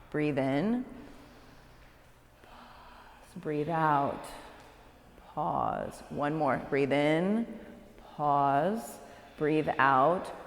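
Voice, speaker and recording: A woman, a yoga teacher leading a live class with slow, calm cues and encouraging asides. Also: deep voice, slight background noise. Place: yoga studio, large room. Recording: echoey studio recorded live from a distance.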